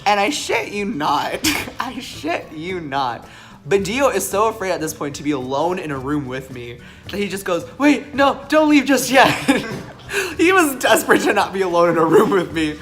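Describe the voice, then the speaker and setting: A young man casually telling a story on a vlog, animated, joking and swearing freely. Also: sits high, normal speed, faint music behind. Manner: animated, profane, jokey.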